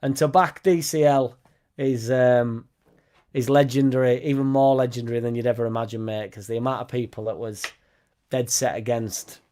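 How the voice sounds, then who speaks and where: A man's voice: medium pitch, fairly even intonation, normal speed, mellow. A young man chats casually on a live stream. He talks bluntly and swears freely, rambling from one point to the next. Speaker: football fan channel host.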